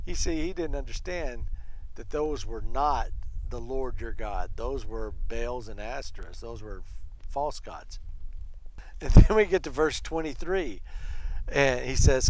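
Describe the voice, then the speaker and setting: A man leading a casual Bible study, retelling scripture in an animated, conversational way. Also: medium pitch, takes it slowly, a little hiss or hum, low-quality recording.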